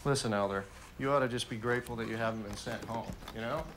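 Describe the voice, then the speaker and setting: An actor playing a calm young missionary. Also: male voice, mid-range voice, quick pace, noisy background, natural voice. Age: young adult. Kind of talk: film dialogue.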